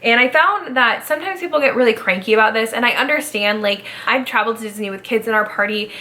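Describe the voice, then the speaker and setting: Bright-voiced chatty young woman. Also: fairly high pitch, quick pace. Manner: chatty, upbeat, frequent "like" fillers. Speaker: vlogger, former theme park ride guide. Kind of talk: casual chat.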